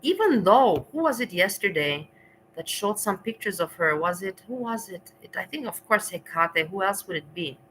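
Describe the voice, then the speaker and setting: Chatty livestreaming woman, bright voice. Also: mid-range voice, animated, normal speed, a little hiss or hum, low-quality recording. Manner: rambling, laughs often, talks back to chat. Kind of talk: casual livestream chat to viewers.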